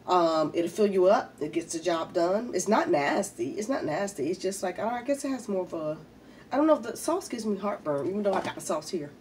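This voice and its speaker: A mukbang vlogger chats casually while eating, sounding a little congested from a head cold. Her medium-pitched, slightly mellow voice is recorded from a distance with a little hiss or hum.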